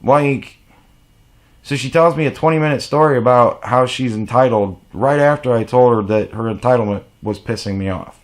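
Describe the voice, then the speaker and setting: A man's voice: medium pitch, moderate pace. A man delivering a blunt, profane, exasperated rant to camera as a vlogger. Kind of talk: ranting monologue to camera.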